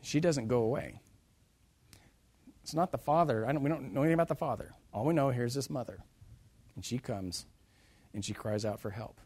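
A man preaching a sermon. He reads scripture in old-style wording, then retells it in plain, casual words with dramatic swings between loud and soft. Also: medium pitch, fairly quick, long pauses, husky.

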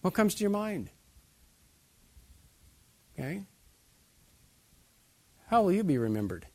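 A man's voice: high-pitched, sing-song, slow, darkish tone, no echo. A man preaching a sermon as pastor, putting many direct questions to his listeners.

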